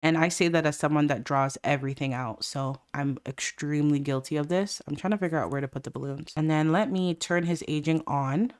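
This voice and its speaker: A woman's voice: low-pitched, a little fast, few pauses, clear, resonant tone. A woman hosting a casual let's play, chatting and giggling as she plays and voices her characters' lines. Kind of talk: casual gameplay commentary.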